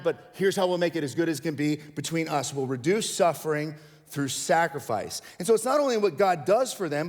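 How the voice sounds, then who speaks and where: A pastor delivers a sermon in a relaxed, conversational way, slipping into voiced quotes to make his points. His voice sits high for a man. The sound carries the long reverb of a church hall. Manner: casual, animated preaching with voiced quotes.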